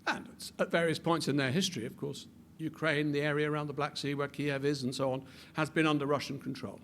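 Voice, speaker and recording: A man giving a public talk with animated delivery, building to emphatic peaks and often repeating words as he restarts his sentences. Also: a little high, fast talker, a little hiss or hum. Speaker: speaker.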